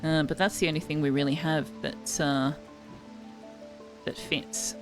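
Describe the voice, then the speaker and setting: A woman's voice: deep voice, fairly even intonation, a little slow, over music. A woman streaming a game, chatting casually and reading the game's text aloud. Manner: chatty, switching between asides and reading. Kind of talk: casual let's-play commentary with read-aloud game text.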